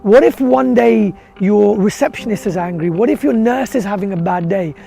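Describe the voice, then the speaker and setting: A man with a very high, warm-toned voice delivers a motivational talk full of rhetorical questions. His delivery is earnest and direct, with a gravelly edge, and faint music plays underneath. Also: normal speed. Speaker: motivational speaker for dentists.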